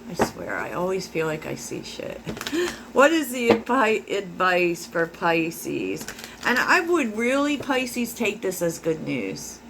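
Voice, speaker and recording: Musing woman tarot reader, low voice. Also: very animated, slow, gravelly, background noise. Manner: musing, talks to viewer with many fillers. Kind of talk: casual tarot reading.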